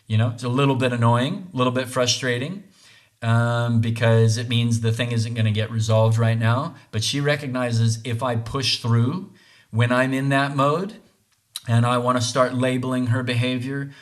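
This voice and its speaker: A man's voice: mid-range voice, steady tone, normal speed. A man hosting a podcast, talking through relationships in an earnest, reflective monologue, often restarting phrases and checking in with "right?". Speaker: podcast host.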